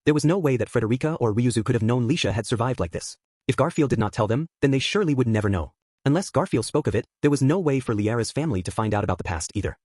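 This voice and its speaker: Fast husky male audiobook narrator. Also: medium pitch, expressive, a little mellow, no echo, clean studio sound. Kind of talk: scripted narration.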